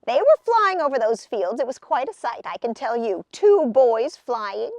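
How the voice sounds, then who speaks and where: A woman voicing a nosy, unfriendly female magpie in a storybook read-aloud, loud and shrill with a mocking cackle. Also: very animated, unhurried, no room sound.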